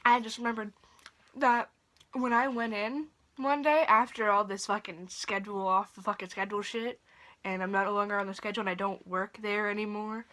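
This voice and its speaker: A woman's voice: medium pitch, pushed and bright. Profane young woman telling a storytime. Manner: drops to a whisper at times. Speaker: vlogger. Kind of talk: casual storytime vlog. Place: bedroom at night.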